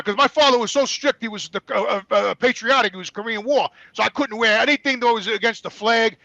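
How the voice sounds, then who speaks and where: In a high, creaky voice, a New Yorker in his sixties with a matching accent shares blunt, profane stories from his experiences as a talk show guest, retold with animation. It's casual storytelling on a low-quality recording with no echo.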